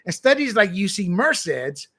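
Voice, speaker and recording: A man hosting an opinionated political commentary show, talking in an emphatic, combative way. His voice sits high for a man and has a bright, forceful edge. He sounds scornful as he argues his points. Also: very animated, moderate pace, breathy edge.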